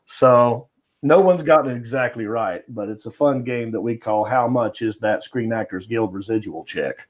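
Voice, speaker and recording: A man's voice: medium pitch, moderate pace. A comedian guest telling a story in a casual chat, laughing often as he goes.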